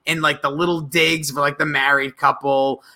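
A man's voice: a little high, normal speed. A man co-hosting a casual podcast, animatedly recapping comedy sketches, acting out the lines and laughing. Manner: animated, acts out quotes, laughs often. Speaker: podcast co-host.

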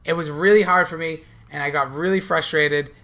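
Young guy cohosting a podcast, talks super fast, bright and slightly high, keeps restarting his sentences. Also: steady tone. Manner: rambling storyteller with many restarts. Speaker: podcast co-host. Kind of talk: casual chat. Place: hotel in a city.

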